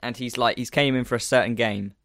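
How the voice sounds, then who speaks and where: A man in an easygoing podcast chat, asking questions, laughing and swearing lightly. His voice sits at a middle pitch, and the recording is dry and close. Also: fairly even intonation, a little fast, fairly bright tone, dry recording. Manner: chatty, laughing, swears casually. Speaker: podcast co-host. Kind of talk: casual chat.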